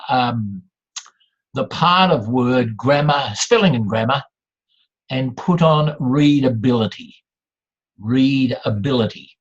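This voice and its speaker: A man's voice: mid-range voice, slightly rough. An older man with an Australian accent, a professional speaker giving a blunt, humorous talk to an audience and playing with pace and emphasis. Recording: dull lo-fi recording.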